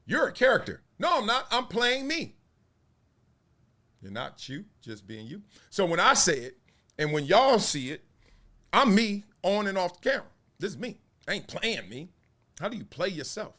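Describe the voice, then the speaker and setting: Playful black-guy in his 40s riffing on sports drama, bright voice, pitch jumping all over. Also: normal speed. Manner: animated, playful, acts out quotes in voices. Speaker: sports commentary vlogger. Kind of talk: casual commentary.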